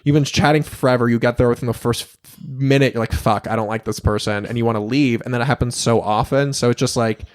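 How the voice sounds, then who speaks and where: A young man talking as a podcast guest in casual interview chat, blunt and emphatic, swearing freely with lively asides. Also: medium pitch, fast talker, few pauses.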